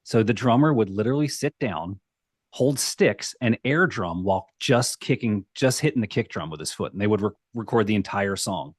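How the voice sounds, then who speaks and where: Low-voiced man telling band history. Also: expressive, normal speed, no echo, clean studio sound. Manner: recounts band history from notes, storytelling. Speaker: podcast co-host. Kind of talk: casual podcast discussion.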